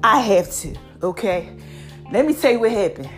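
A middle-aged woman in a casual motivational vlog, chatty and animated, repeating catchphrases, her voice a little deepened by allergies. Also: normal speed, soft background music. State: voice a bit deep from allergies. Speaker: online personality talking to followers.

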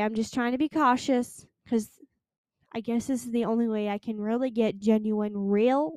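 A woman in her twenties from Florida, hosting a casual solo podcast, chatty and emphatic, slowing down to stress her points. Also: on the high side, a little mellow, clear, resonant tone, dry recording, studio quality. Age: 20s. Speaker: podcast host.

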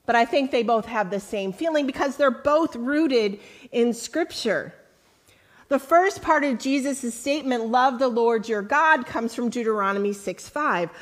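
A woman pastor preaching a sermon, reading scripture slowly and deliberately, then building to emphatic questions to her congregation. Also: a little high. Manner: earnest preaching, rising to lively emphatic questions; slow, deliberate quoting of scripture.

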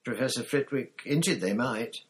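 A man reading a storybook aloud and voicing a flustered, overworked young schoolgirl witch who stammers and squeaks. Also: moderate pace, natural voice. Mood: defensive.

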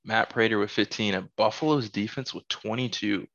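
Low-voiced man reading fantasy scores. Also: normal speed, vocal fry, fairly bright tone, no room sound, dull audio. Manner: reads off fantasy scores, teasing. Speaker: podcast host. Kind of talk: casual podcast chat.

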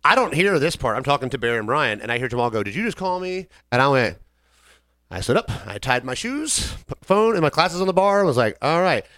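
Male podcast co-host, casual rambling storyteller, dry close mic, mid pitch. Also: fast, no room sound. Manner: rambling, animated storytelling with acted quotes.

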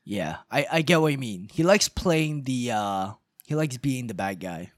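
A man's voice: mid-range voice, animated, unhurried, no echo, clean studio sound. A man hosting a podcast, chatting casually and swearing now and then, then reading the sign-off. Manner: casual, swears, laughs easily. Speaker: podcast host.

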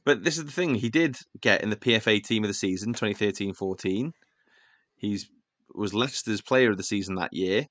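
A man's voice: lowish voice, brisk, fairly bright tone, no echo. A man hosting a casual football podcast, reeling off stats with a wry, chuckling manner.

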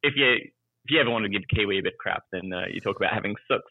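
A man's voice: lowish voice, rapid-fire, husky, no room sound, phone-quality sound. A man with an Australian accent in casual chat, jokey and self-mocking, laughing often.

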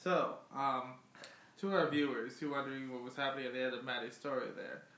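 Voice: mid-range voice, steady tone, fairly quick, fairly bright tone. A podcast host chatting casually and speaking to listeners. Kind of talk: casual chat. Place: garage. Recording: echoey garage.

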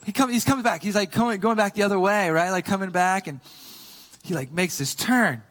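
Casual higher-voiced male pastor preaching. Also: fairly quick, big-room sound. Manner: casual, conversational storytelling with many fillers; swings between quiet earnest points and lively, loud retellings. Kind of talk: sermon.

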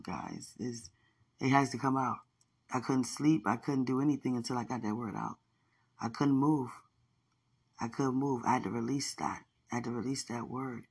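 A man with a husky, breathy voice delivers spontaneous prophetic preaching. He repeats his declarations in a rhythmic pattern. At times he sinks into a hushed whisper, speaking from a bedroom. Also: mid-range voice. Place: bedroom corner.

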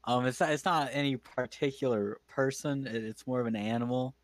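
A man's voice: medium pitch, steady tone, no room sound. Teen guy goofing around on a podcast, laughs a bunch, dry mic. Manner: joking, laughs often, halting restarts. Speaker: podcast co-host. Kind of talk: casual podcast chat.

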